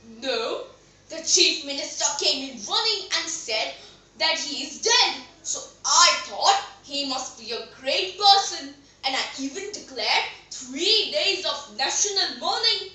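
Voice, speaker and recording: A woman's voice: sits high, lively intonation, slow, bright, forceful tone, heavily acted. A woman voicing a worried, easily panicked king in a spoken story. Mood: alarmed. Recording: echoey room, voice a bit far from mic.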